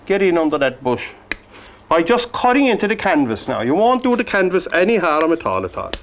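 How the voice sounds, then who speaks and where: A man teaching a painting demonstration, gently coaxing the brushstrokes as if talking to the paint. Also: fairly high pitch, sing-song, fairly quick, slight background noise. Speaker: painting instructor.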